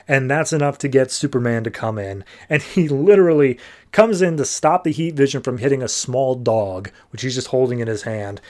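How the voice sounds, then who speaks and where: A man hosting a podcast, casually recapping a comic book story in a rambling way and slipping into quick character voices. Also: mid-range voice, expressive. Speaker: podcast host.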